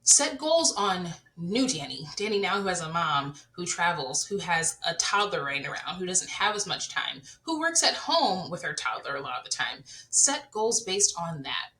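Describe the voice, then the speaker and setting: A woman's voice: on the low side, big pitch swings, moderate pace, few pauses, pushed and bright, low-quality recording. A woman in her thirties hosting a podcast, talking earnestly and candidly to her listeners about her own life. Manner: earnest, confessional, addresses listeners directly. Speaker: podcast host. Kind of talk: candid personal chat.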